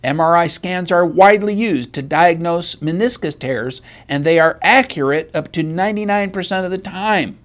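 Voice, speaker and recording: A man with a notably high voice reads a scripted news bulletin. His delivery is measured and even, the steady cadence of a newsreader working from a prepared script. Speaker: news reader.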